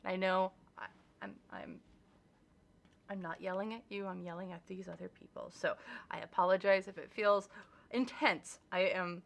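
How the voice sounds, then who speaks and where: A young woman giving a casual monthly tarot reading, blunt and animated, swearing freely and acting out little exchanges as she goes. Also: lowish voice, normal speed, gravelly, long pauses. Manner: animated and emphatic, acts out little dialogues. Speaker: tarot reader.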